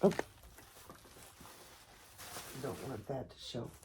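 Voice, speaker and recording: A woman at home filming an unboxing video for her vlog, talking softly and gushing with emotion. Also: a bass voice, lively intonation, brisk, noisy background. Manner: gushing, soft-spoken, emotional. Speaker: vlogger. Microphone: camera set up nearby.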